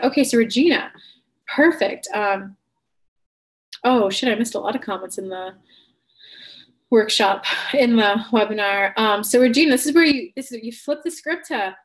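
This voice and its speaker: Candid, higher-voiced woman life coach. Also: moderate pace. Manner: candid and blunt, swears casually; addresses viewers by name, earnest. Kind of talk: live-streamed coaching, answering viewer comments.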